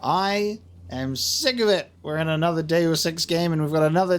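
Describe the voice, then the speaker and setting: A man's voice: a little high, moderate pace, hardly any pauses, clean tone. A man giving casual, jokey, rambling commentary while playing a game. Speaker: let's play host.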